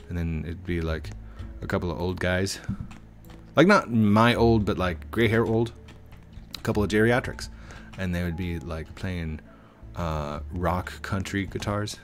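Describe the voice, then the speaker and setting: A middle-aged man hosting a gaming channel, chatting playfully and rambling to himself while he plays. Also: low-pitched. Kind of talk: casual gameplay commentary. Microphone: desk microphone.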